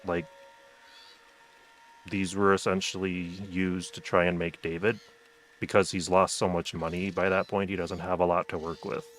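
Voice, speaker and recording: A man's voice: low-pitched, flat delivery, normal speed, a little hiss or hum. A man streaming a game late at night, chatting casually, joking, and talking to the characters on screen. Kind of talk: casual gameplay commentary.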